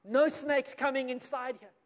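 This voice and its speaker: Man, South African accent, preacher, very high voice, storytelling sermon, long hall reverb. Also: steady tone, moderate pace. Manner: storytelling with acted-out quotes, builds then drops to quiet.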